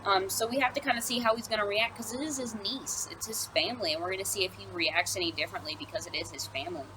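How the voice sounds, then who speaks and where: A woman's voice: mid-range voice, quick pace, background noise. A young woman, an English teacher, casually explains a play with lots of ums and asides. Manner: chatty, with many fillers and asides. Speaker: high school English teacher. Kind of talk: casual recorded lesson.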